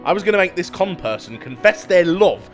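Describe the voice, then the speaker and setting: A man's voice: high-pitched, sing-song, brisk, faint music behind. Sardonic male comedic narrator. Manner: dry, sardonic storytelling. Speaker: scambaiting video narrator.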